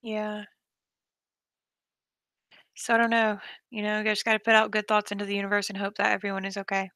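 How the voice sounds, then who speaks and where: Chatty woman with a gravelly edge. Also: medium pitch, completely flat delivery, brisk, sharp tone, no echo. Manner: chatty, rambling, reacting to viewers with bursts of laughter. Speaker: livestream host. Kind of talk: casual live-stream chat.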